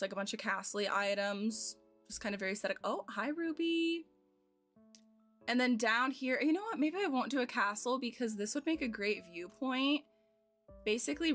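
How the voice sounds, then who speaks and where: An American woman in her twenties, a streamer chatting casually and giggling as she thinks aloud while playing a game. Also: mid-range voice. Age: 20s. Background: soft game music.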